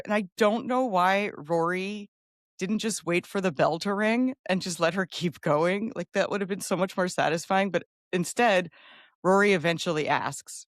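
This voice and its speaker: A woman co-hosting a podcast in casual chat, enthusiastic and rambling, with quick asides. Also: on the low side, no room sound, studio quality. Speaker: podcast co-host.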